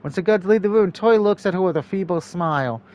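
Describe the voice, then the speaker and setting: A man narrating a story game aloud in a steady, storybook-like reading manner. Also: high-pitched, fast talker, lo-fi sound. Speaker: let's-play narrator.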